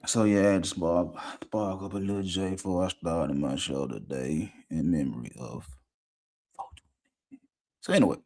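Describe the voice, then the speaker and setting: A man hosting a casual livestream show, rambling and slangy, talking a lot while high. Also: moderate pace, darkish tone. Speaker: podcast host.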